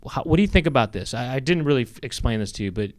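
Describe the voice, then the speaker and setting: A man's voice: medium pitch, animated, a little mellow, no echo. Rambling male podcast host, dry sound. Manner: rambling, halting, many fillers. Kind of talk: casual chat.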